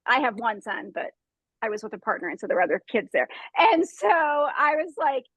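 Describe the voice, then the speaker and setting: High-voiced woman telling a lively story. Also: brisk, breathy edge, no room sound, poor audio. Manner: lively, laughs often, acts out sounds. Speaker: host. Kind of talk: animated storytelling in a group chat.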